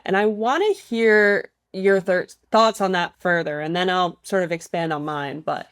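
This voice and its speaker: A woman's voice: fairly low pitch, measured pace, hardly any pauses, clear, resonant tone, dry recording, studio quality. A woman hosting a podcast and teaching voice, asking questions in a thoughtful, chatty way. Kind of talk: casual podcast interview.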